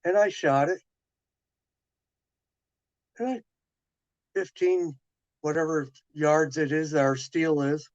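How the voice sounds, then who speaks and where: A man's voice: on the high side, slow, long pauses, no echo. A man casually chatting with viewers on a live stream, telling a rambling story full of restarts and quoted dialogue. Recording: dull lo-fi dry sound.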